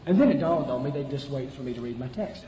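In an echoey hall, captured in dull lo-fi sound with faint noise, a preacher delivers a humorous folksy story, repeating lines and talking right to his audience. He's a fast, animated talker with a mid-range voice.

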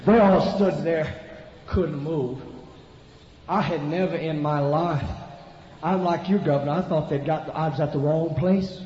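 With a darkish, somewhat high voice and a measured pace, this preacher tells a funny tale folksily, circling back to the same lines and addressing the crowd head-on. The sound is dull and lo-fi, with an echoey hall and a little noise underneath.

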